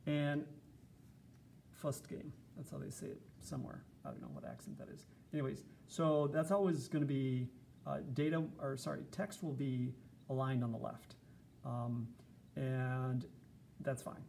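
A man's voice: medium pitch, fairly even intonation, moderate pace, vocal fry, a little mellow, slight background noise. A man giving a casual, chatty screencast lesson, explaining step by step with fillers. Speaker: teacher.

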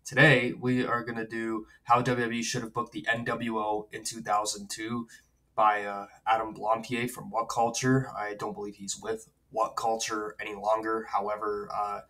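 A man hosting a reaction video in a casual, easygoing way, often pausing on fillers. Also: lowish voice, monotone, pushed and bright, far from the mic, poor audio.

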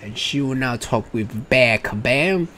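A man's voice: mid-range voice, lively intonation, measured pace, sharp tone. A man giving casual, playful commentary over his gameplay, chatting and cheering on the characters on screen. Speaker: let's play gamer. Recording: noisy home recording.

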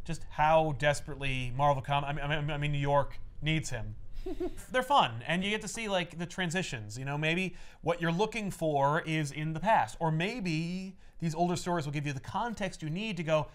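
A man hosting a casual chat about comic books, animated and acting out the characters as he tells the story. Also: on the high side, clear, resonant tone. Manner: animated, acts out characters in quick voices. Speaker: podcast host.

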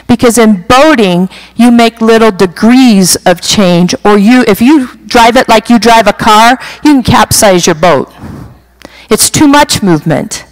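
A middle-aged woman gives a personal testimony at a retreat, acting out her own moments as she goes. Her voice sits high, and she takes her time with each phrase. Her storytelling is lively and heartfelt. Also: unhurried, low-quality recording. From western United States. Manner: animated storytelling, acts out her own panic. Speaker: retreat speaker.

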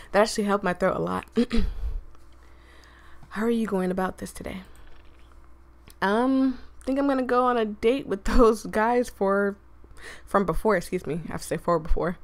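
A woman hosting a gaming video, chatting to her viewers and reading a dating game aloud, slightly hoarse, laughing and clearing her throat as she goes. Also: mid-range voice, moderate pace, long pauses.

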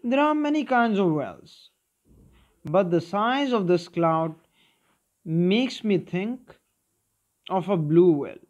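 A man voicing a kindly grandfather from a storybook who explains things patiently. He talks in a fairly high, lightly raised voice, like a teacher reading a story aloud. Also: expressive, takes it slowly, pauses often, muffled recording. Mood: explaining. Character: grandfather explaining clouds to a child.

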